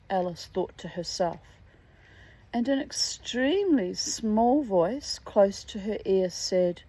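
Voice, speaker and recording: A woman reading a storybook aloud in an expressive, drawn-out way. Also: mid-range voice, husky, low-quality recording. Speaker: reader.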